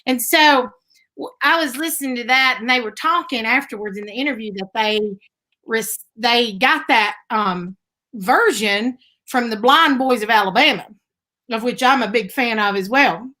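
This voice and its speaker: A woman's voice: a little high, moderate pace, bright, forceful tone, rough recording. A woman with a Southern accent from Tennessee, a guest musician chatting casually and telling stories in folksy phrasing over a video call. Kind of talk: casual chat.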